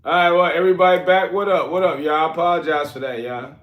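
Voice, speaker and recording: Man, middle-aged, rambling streetwise livestream talk, slightly high voice, echoey room. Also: steady tone, quick pace, recorded from a distance, highs cut off. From New York. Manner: rambling, streetwise, talks to the chat. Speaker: livestream host. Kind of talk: casual livestream chat.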